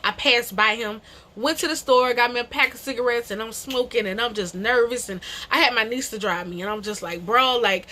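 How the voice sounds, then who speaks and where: A woman's voice: fairly high pitch, fairly quick, pushed and bright. A young adult woman telling a storytime to camera, emphatic and slangy, repeating phrases and calling people bro. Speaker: vlogger. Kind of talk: animated storytime.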